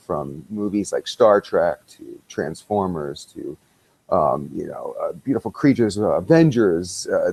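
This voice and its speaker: A man's voice: low-pitched, a little mellow, breathy edge, low-quality recording. A middle-aged man telling a story in a casual interview, acting out quoted dialogue and laughing often. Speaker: podcast guest, visual effects artist.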